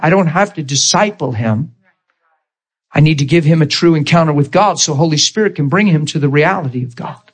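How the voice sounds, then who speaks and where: A man preaching a sermon, acting out both sides of conversations as he tells stories. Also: on the high side.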